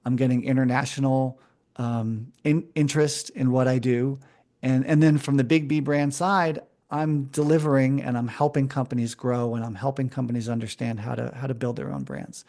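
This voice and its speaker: A man with a mid-range voice, guesting on an interview podcast. He answers in a lively, enthusiastic way, restarting his phrases now and then as his thoughts run ahead. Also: mid-range voice, moderate pace. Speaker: interview guest, brand strategist. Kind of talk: casual conversational interview.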